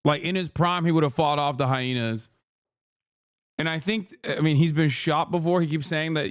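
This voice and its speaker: A man riffs casually on a clip as he streams. His voice is smooth and clean, and the recording is close and dry with no room sound. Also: a little high, moderate pace, dry recording. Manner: musing and joking. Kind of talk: casual reaction commentary.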